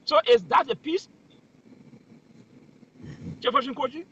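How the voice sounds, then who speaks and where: A man's voice: very high voice, wildly swooping pitch, measured pace, bright, forceful tone, highs cut off, slight background noise. A man giving heated political commentary, emphatic and full of rhetorical questions.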